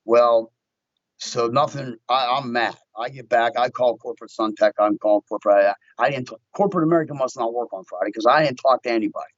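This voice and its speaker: Man guest recounting a story with lively acted-out quotes; dry, dull-sounding podcast audio. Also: medium pitch, fast talker, no room sound. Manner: animated storyteller acting out his own quotes. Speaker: guest, window tint shop owner. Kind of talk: casual storytelling chat.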